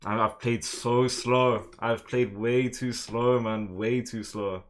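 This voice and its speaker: In a mid-range, steady voice, taking it slowly, a young chess streamer talks through his own online game live. Moves are muttered under his breath until he now and then bursts out in loud frustration.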